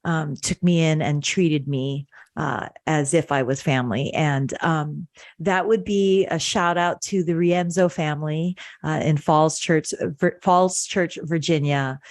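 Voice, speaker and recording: A woman's voice: low voice, measured pace, dry recording, clean studio sound. A middle-aged woman from Hawaii hosting a podcast, talking in an earnest, heartfelt way with many fillers. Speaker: podcast host. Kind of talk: casual chat.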